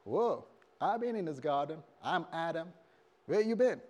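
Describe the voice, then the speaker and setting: A preacher doing an overjoyed Adam with a broad Southern American drawl, high and swooping as he gushes compliments. He sounds smitten and flirtatious, exclaiming with lively, bouncing pitch. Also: measured pace. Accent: Southern American, put on.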